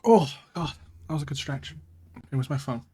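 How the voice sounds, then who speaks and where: A man talks through a video game session with a voice of ordinary middle pitch. He curses freely and mutters in exasperation at the game, then drops into chatty asides to his viewers. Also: normal speed, noisy background. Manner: swears a lot while playing, exasperated muttering. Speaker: gaming channel host. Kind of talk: let's play commentary.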